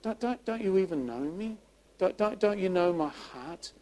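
A man preacher voicing God as a tender, compassionate father, asking gentle pleading questions with repeated words. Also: high-pitched, animated, normal speed, pitched above the performer's own voice.

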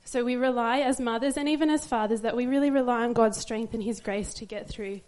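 A woman's voice: on the high side, fairly quick, a little mellow. Tearful young mother sharing testimony. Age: young adult. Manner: emotional, laughing through tears. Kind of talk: church testimony.

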